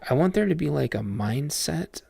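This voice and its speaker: A man streams a game and chats loosely with his viewers. His voice has a gravelly fry at mid pitch, and he wanders through his thoughts with many ums and restarts. The sound is close and dry. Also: lively intonation, moderate pace, dark tone, no room sound. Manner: rambling, lots of fillers and restarts. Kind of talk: casual livestream chat while playing a game.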